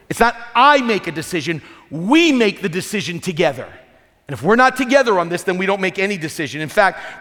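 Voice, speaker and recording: Animated high-voiced male pastor preaching. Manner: animated, self-deprecating humor, frequent restarts. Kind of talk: sermon. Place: large church sanctuary. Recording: reverberant church hall.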